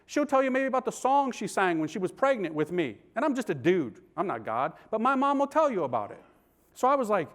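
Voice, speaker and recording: A priest telling his conversion story to an audience in an animated, slangy, comic way. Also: high voice, fast. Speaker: priest and speaker.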